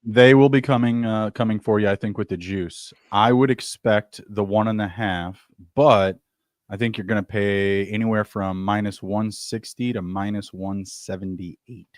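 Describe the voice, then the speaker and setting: A man with a low-pitched voice gives player props on a casual sports betting show. He banters and teases his co-host, and his voice sounds dry and close to the mic. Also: fairly even intonation, no echo. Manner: teasing, quick banter.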